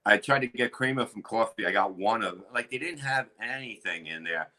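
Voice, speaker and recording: A middle-aged man, a comedian, telling crude stories in a rambling, animated way with lots of restarts. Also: fairly low pitch, fairly quick, low-quality recording. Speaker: comedian guest. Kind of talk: casual storytelling chat.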